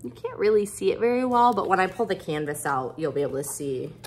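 A woman vlogging as she unboxes craft kits, gushing with bubbly excitement and lots of fillers. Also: lowish voice, fast talker. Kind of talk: casual unboxing chat.

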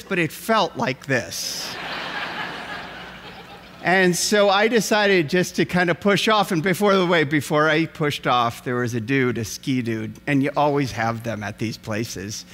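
Middle-aged male pastor, high lively voice, sermon storytelling in a church with long reverb. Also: normal speed. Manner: animated storyteller acting out voices. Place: church sanctuary.

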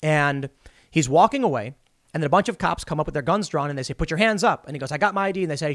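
A man's voice: on the high side, lively intonation, fast, a bit bright, no room sound, studio quality. A man in his thirties hosting solo political commentary, talking emphatically and rambling with frequent restarts.

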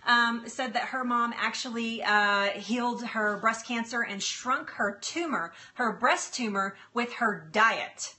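Middle-aged woman, bright tone, laughing cooking host chatting live from her kitchen. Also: fairly high pitch, slow pace, few pauses. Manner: chatty, laughs often, apologetic, stalls with fillers. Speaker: livestream cooking host and health coach. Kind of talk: casual live-stream chat while cooking. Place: home kitchen.

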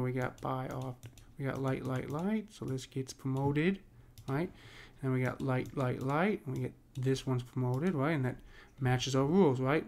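A man teaching a poetry lesson in a casual, step-by-step way, often checking in with "right?" and slowing down to read verse lines. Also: medium pitch, darkish tone. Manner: talks through steps with frequent "right?" and fillers; reads verse lines slowly and deliberately.

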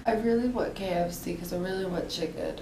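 A woman's voice: lowish voice, fairly quick, dark tone. A young woman with a congested, stuffy voice from a cold, chatting casually and sounding whiny about feeling sick. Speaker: vlogger's girlfriend. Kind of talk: casual chat. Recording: roomy, distant, faint background noise.

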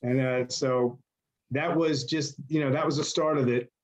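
A man's voice: mid-range voice, fairly even intonation, moderate pace, rough recording. A man telling stories as an interview guest in a casual, rambling way, with lots of fillers.

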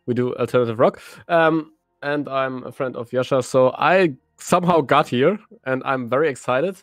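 A man's voice: medium pitch, moderate pace, dry recording, studio quality, soft background music. A man, a new player and guitarist, introducing himself a bit shyly and hesitantly. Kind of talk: casual chat.

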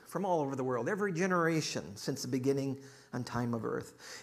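A man's voice: mid-range voice, moderate pace, a little mellow. A middle-aged male pastor preaching a sermon, telling a joke story and reading scripture with rising emphasis.

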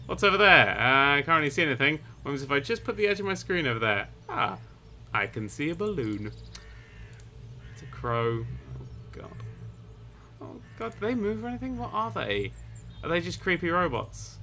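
A young man commentating his own game, jumpy and quick to yelp and swear when startled. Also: on the high side, very animated, bright, forceful tone, slight background noise. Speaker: gaming YouTuber. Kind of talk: let's play commentary.

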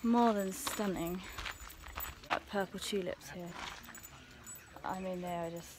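A woman's voice: lowish voice, takes it slowly. A young woman vlogging outdoors, chatting casually and giggling at herself while she walks. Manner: chatty, giggly, self-mocking. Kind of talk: casual vlog narration while walking. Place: outdoors in gardens and fields. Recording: noisy outdoor recording.

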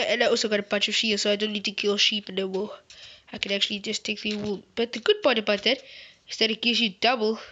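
A woman's voice: a little high, sharp tone. A woman host giving rambling, playful, chatty commentary while she plays a game. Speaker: gaming channel host. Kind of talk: gameplay commentary. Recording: slightly muffled with faint hiss.

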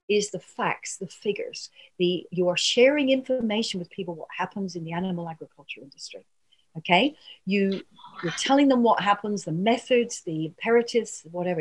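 A woman's voice: mid-range voice, husky. A woman communication trainer giving an earnest, coaching workshop talk. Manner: earnest, coaching, frequent asides and laughs.

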